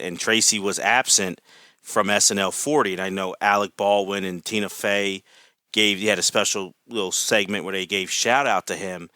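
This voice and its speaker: An enthusiastic man chats as a podcast guest, rambling through his points with plenty of fillers. His voice sits a little low but sounds bright and forceful. The sound is close and dry, with no room around it. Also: no echo. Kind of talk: casual podcast chat.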